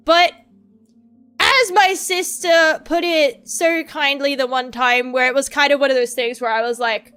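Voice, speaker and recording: Casting: young female streamer, high voice, slow unhurried delivery, rambling and self-deprecating. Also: fairly bright tone, soft background music. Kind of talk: casual chat while drawing.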